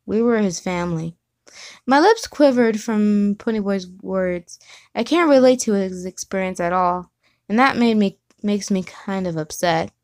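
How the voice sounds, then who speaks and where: A woman's voice: mid-range voice, a little slow, a little mellow, dry recording. A woman casually reading fan fiction aloud, giggling and stopping to correct herself. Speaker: reader.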